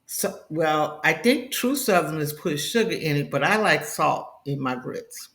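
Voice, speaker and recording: A middle-aged woman with a faint Brooklyn accent, a guest chatting warmly in a live podcast interview and often restarting her sentences. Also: low voice, expressive, unhurried. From Brooklyn, New York. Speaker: guest author and therapist.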